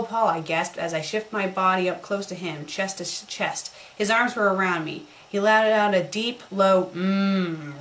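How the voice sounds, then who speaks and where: A woman's voice: mid-range voice, fairly bright tone, a little hiss or hum, poor audio. A woman doing a comedic dramatic reading of a bad fan story, breaking off for sarcastic, mocking remarks. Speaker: fanfiction critic.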